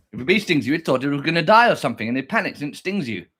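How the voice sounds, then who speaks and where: A man's voice: on the high side, pushed and bright. A man hosting a reaction video, chatting in a rambling, crude way and talking to his pet. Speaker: reaction channel host. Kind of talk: casual reaction chat.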